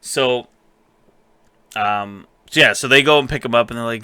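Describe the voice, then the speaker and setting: Man, casual podcast chat, rambling recap, bright tone, crisp and dry close sound. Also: mid-range voice, dry recording. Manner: rambling, quotes characters in quick asides, many fillers. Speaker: podcast co-host recapping a TV episode.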